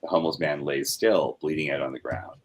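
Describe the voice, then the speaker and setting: A man with a low, husky voice reads comic script panels aloud. His delivery is flat and matter-of-fact, and he breaks off now and then with offhand comments. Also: a little fast. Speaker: workshop participant reading script aloud.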